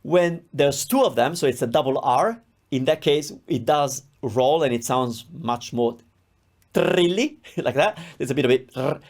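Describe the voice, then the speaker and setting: A man's voice: mid-range voice, moderate pace, darkish tone. A man from Italy, teaching a language lesson and patiently repeating syllables for the learner. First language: Italian. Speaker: Italian teacher.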